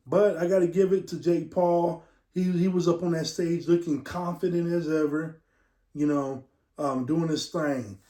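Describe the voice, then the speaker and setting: A man's voice: fairly high pitch, steady tone, unhurried, mellow. Rambling man in a roomy echo. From West Texas. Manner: rambling, digressive, talks straight to viewers. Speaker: show host. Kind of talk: casual vlog chat. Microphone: camera mic.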